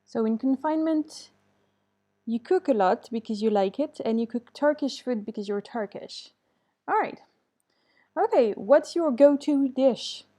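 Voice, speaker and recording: A woman's voice: high voice, lively intonation, unhurried, warm tone. A woman teaching an online English class, reading student answers aloud and commenting kindly, switching to to correct mistakes. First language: French.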